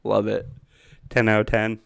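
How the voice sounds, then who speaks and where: A man's voice: on the low side, monotone, moderate pace, gravelly, a bit bright, clear, resonant tone, dry recording, studio quality. A man streaming live, rambling through a game theory and chatting with his viewers, often laughing. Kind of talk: casual live-stream chat.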